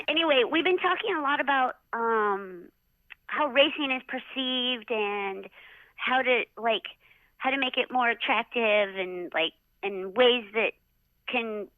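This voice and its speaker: A middle-aged woman, a former jockey, telling lively stories in a casual interview and acting out quotes with lots of "like.". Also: fairly high pitch, dry recording. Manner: animated, acts out quotes in a raised voice, many "like"s. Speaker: retired jockey, interview guest. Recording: dull, dry lo-fi sound.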